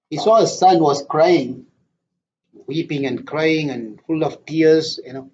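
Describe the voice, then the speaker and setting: A man teaching a scripture class, telling a story in a lively way and putting questions to his audience. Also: on the high side, takes it slowly, slight background noise. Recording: dull lo-fi lecture recording.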